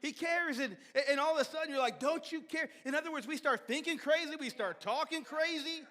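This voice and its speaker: A man preaching a sermon as pastor, animated, with sudden shouts and soft drops, often repeating and restarting words. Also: extremely high pitch, a little fast. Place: church sanctuary. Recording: long hall reverb of a church sanctuary.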